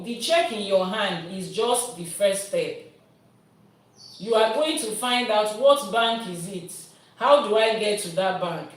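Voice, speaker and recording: A woman, a priestess teaching and answering viewers' questions with everyday comparisons. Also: mid-range voice. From Nigeria. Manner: explains with everyday comparisons, lively teacherly delivery. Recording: roomy sound from a distant mic.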